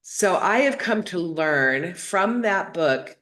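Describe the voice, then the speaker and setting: A middle-aged woman with a low voice, telling her viewers a personal story in a casual, rambling way. She loops back over her words, restarts sentences and fills gaps as she talks. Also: animated, slow pace, a bit bright. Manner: chatty, rambling, with many fillers and restarts. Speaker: host of a spiritual talk show.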